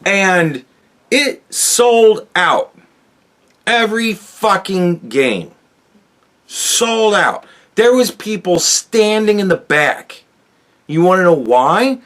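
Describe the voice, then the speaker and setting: High, animated ranting man. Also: drawn-out words. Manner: angry, profane, sarcastic ranting. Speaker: podcast host. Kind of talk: solo podcast rant.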